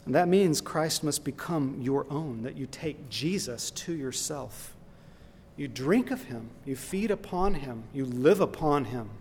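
Slow, earnest preacher in an echoing hall. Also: male voice, medium pitch, animated, darkish tone, slight background noise. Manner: earnest and emphatic, building to impassioned lists. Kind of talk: sermon. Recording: long reverb in a large hall.

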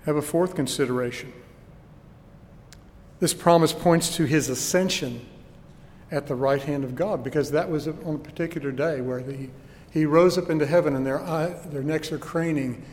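A man's voice: fairly high pitch, moderate pace, darkish tone, long reverb tail. A man preaching a sermon with earnest emphasis and rhetorical questions, recorded in a church.

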